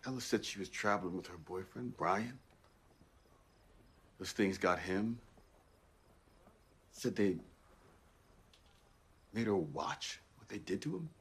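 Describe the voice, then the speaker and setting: An actor playing a grim, weary man in a TV drama, speaking low and gravely. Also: expressive, slow, long pauses, a bit bright, exaggerated voice. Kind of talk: TV drama acting.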